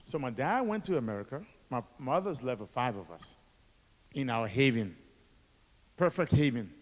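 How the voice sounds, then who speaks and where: A man's voice: medium pitch, lively intonation, normal speed. Man speaking in an echoey hall. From Liberia. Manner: dramatic storytelling with rhetorical questions to the audience. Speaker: guest speaker, author and activist. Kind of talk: motivational school assembly speech. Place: school assembly hall.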